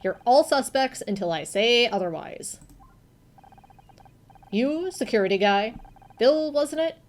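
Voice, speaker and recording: A woman voicing a gruff, impatient male senior detective who barks curt orders. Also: a little high, animated, a little slow.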